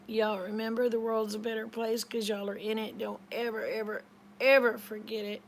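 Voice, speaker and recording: A woman's voice: a little high, flat delivery, moderate pace. Lady rambling thru a story, lotsa "she said", bit of hiss behind. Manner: chatty, retells conversations with lots of "she said". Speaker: vlogger. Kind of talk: casual storytelling.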